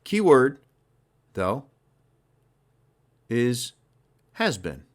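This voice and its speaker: A man hosting a motivational sales podcast, talking in an emphatic, energetic, conversational way. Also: mid-range voice, extremely slow. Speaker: sales coach and podcast host.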